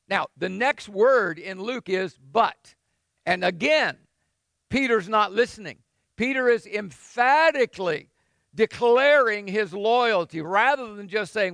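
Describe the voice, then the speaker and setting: Guy preaching, pretty high voice, dry close sound, talks it through casual-like and acts out the quotes. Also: expressive, measured pace, a bit bright, no echo. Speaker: pastor. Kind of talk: sermon.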